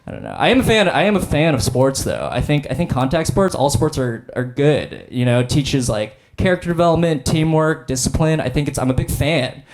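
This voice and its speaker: A man's voice: fairly high pitch, very animated, fairly quick, few pauses. Rambling laid-back young man doing stand-up. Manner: rambling, laid-back, filler-heavy with frequent "like" and "I don't know". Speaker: stand-up comedian. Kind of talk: stand-up comedy set. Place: comedy stage before a live audience.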